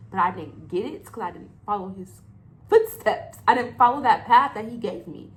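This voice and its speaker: A woman's voice: mid-range voice, lively intonation, moderate pace, low-quality recording. Young woman host, heartfelt faith talk, voices her exchanges with God. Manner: emotional, preachy, acts out dialogues with God. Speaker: podcast host. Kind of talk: casual solo podcast talk.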